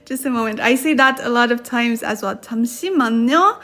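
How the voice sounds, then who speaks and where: Chatty high-voiced woman teaching live. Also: steady tone, fairly quick, fairly bright tone. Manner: chatty, laughs often, reads out viewer comments. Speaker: livestream Korean tutor. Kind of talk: casual livestream lesson.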